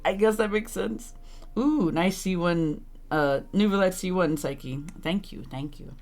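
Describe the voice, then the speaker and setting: A woman's voice: fairly low pitch, unhurried, a little mellow, soft background music. A woman streaming a game, ranting in exasperation, laughing and swearing at the characters. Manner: frequent swearing. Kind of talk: casual live-stream commentary.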